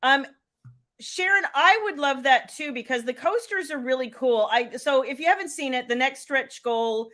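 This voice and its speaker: Middle-aged woman, livestream host, casual and chatty, slightly high voice. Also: moderate pace, a bit bright. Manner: chatty, laughs often, greets viewers by name. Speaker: author and live show host.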